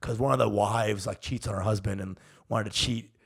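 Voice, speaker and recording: A man's voice: fairly low pitch, fairly even intonation, normal speed, vocal fry, breathy edge. A man co-hosting a comedy podcast, telling rambling, profane stories and laughing often. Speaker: podcast co-host. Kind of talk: casual comedic chat.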